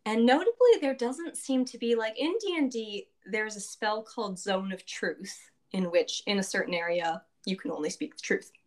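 A woman casually recapping a tabletop game session, chatty and quick to laugh, acting out quotes in a lifted voice. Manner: chatty, laughs often, acts out quotes in a higher voice.

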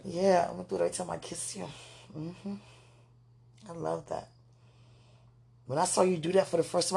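Gravelly, husky woman gushing affectionately. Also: fairly low pitch, steady tone, brisk, long pauses, dark tone. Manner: gushing, giggly, rambling with many "you know"s. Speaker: podcast host. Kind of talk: spiritual monologue addressed to a loved one.

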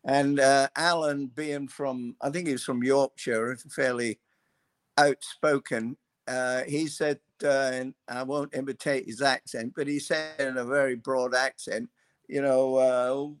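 An older man, a guest, telling long anecdotes in an unhurried, loose way, full of pauses and fillers. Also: mid-range voice, steady tone, clear, resonant tone, no room sound. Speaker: guest, former racing mechanic. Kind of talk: anecdotal storytelling.

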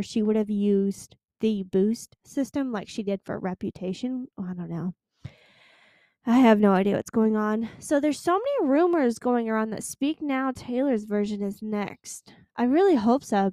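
A woman's voice: mid-range voice, mellow, no echo. Chatty young woman podcaster, dry sound. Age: 20s. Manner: chatty, emphatic, slows down to stress points. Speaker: podcast host. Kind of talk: casual solo podcast chat.

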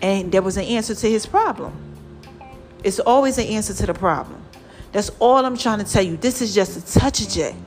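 A woman vlogger giving lively, preachy motivational talk straight to her viewers. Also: medium pitch, moderate pace, faint music behind. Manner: lively and preachy, calls viewers "child" and "y'all".

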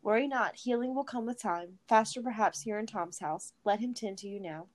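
A woman's voice: medium pitch, moderate pace, lightly acted. Tom Bombadil, a woman putting on a merry old forest host. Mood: merry, gentle. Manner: sing-song, old-fashioned, kindly.

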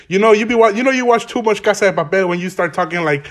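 A young man talks through his solo podcast from home in a loose, rambling way, heavy on profane slang. He is stoned and smoking as he goes, and his voice sits slightly higher than most men's. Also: lively intonation, rapid-fire, few pauses. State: stoned, smoking while talking. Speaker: podcast host. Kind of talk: casual solo podcast rant. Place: home, garage.

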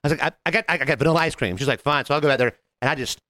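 A man co-hosting a casual podcast, telling an animated story and acting out the voices of the people in it. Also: a little high, rapid-fire, dry recording, clean studio sound. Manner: animated, jumps into mimicked voices of customers. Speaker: podcast co-host.

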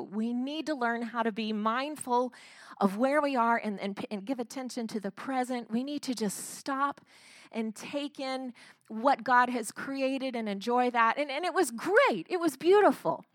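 A woman's voice: fairly high pitch, fairly bright tone, no echo. A woman giving an earnest devotional talk, retelling a story with frequent restarts. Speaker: Christian speaker.

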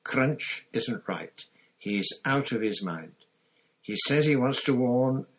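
A low-voiced, husky man voicing a panicky teenage boy wizard in a storybook reading, raising his pitch and pushing the words out urgently. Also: animated, low-quality recording. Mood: panicked. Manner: raised, hurried, pleading delivery.

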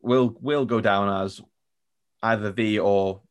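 A man's voice: lowish voice, fairly even intonation, slow, clear, resonant tone. A man co-hosting a casual football podcast, chatty and jokey, laughing often and acting out quotes. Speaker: podcast co-host.

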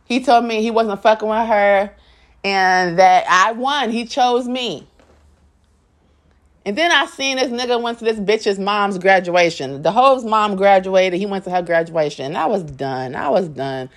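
A woman's voice: mid-range voice, a little slow. A young adult woman telling a personal story to her viewers in a blunt, profane, candid way, often acting out what people said. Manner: dramatic storyteller, acts out quotes. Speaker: vlogger.

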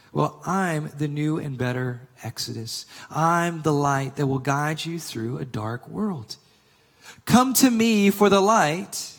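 A man preaches a sermon in a fairly high voice that rings with a long echo. He reads scripture slowly and rises with force on his key points, speaking as the church's pastor. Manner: emphatic preaching, slowing for scripture and rising on key claims.

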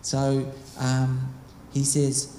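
Man, mid pitch, rambling storyteller addressing a group, reverberant hall. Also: completely flat delivery, drawn-out words. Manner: rambling, conversational, many asides. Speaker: speaker. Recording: echoey hall, faint background noise.

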